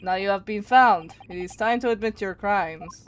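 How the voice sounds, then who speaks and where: A woman's voice: mid-range voice, normal speed, close to an everyday voice. A woman voicing a stern, threatening male Russian ship officer in a put-on Russian accent while reading game dialogue.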